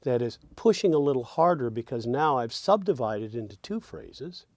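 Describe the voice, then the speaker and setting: A man teaching songwriting, thinking aloud as he drafts lyrics and quietly hums and sings the lines he is trying out. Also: mid-range voice, expressive, moderate pace, dry recording.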